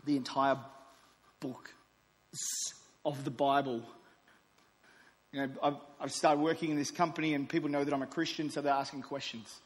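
A man in his forties delivers a sermon. His voice sits a little high, and it moves between emphatic declarations and quieter asides. The sound carries the long reverb of a large hall. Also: steady tone, normal speed, pauses often. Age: 40s. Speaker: preacher.

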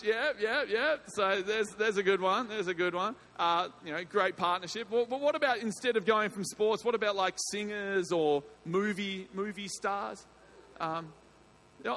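A man's voice: sits high, fairly bright tone. A man preaching an evening sermon in a church, chatty and jokey, often breaking off mid-sentence and bursting into emphasis. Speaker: pastor. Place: church hall.

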